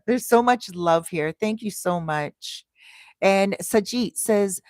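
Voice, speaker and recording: A woman from Canada in her thirties hosting a casual livestream, telling stories slowly and greeting viewers with bursts of excitement. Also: medium pitch, no echo. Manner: slow, deliberate storytelling that turns to bright, excited greetings to viewers. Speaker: livestream host.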